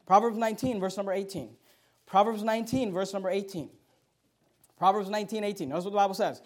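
A man in his thirties preaching a sermon as pastor, swinging between loud outbursts and quiet asides and repeating scripture references to the congregation. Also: high-pitched, steady tone, fast.

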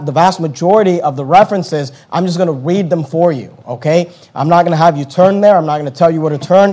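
A man with a notably high voice preaches a sermon. He is emphatic and drives his points home by repeating phrases. He talks as a pastor teaching his congregation from the pulpit. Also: darkish tone. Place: church.

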